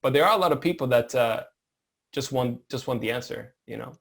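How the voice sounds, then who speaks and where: A man's voice: medium pitch, gravelly, fairly bright tone. Reflective man in a podcast chat. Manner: reflective, halting, many restarts. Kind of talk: casual chat.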